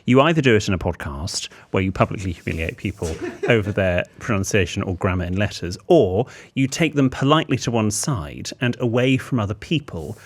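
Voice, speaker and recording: A man's voice: fairly low pitch, animated, brisk, few pauses. A man co-hosting a podcast, teasing in a dry, arch way and reading out a listener's letter. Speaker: podcast co-host.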